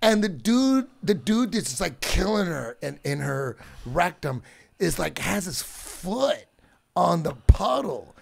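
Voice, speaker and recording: A man telling a story in casual chat, animated, jumping between loud outbursts and hushed asides. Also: high voice, takes it slowly, gravelly. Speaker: guest.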